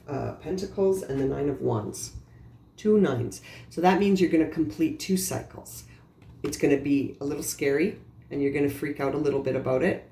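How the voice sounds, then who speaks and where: A woman reads tarot cards in a casual, earnest way, talking straight to the listener and reassuring them. Her voice is mellow and soft-edged. The recording sounds roomy, with a faint hiss underneath. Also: deep voice. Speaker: tarot reader. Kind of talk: casual tarot reading to camera. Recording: roomy echo with faint background noise.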